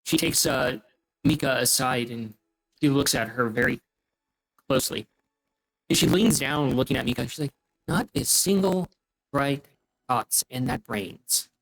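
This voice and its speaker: A man narrating as game master of a tabletop game, pausing often with fillers. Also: mid-range voice, gravelly, fairly bright tone, poor audio. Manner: halting, many fillers.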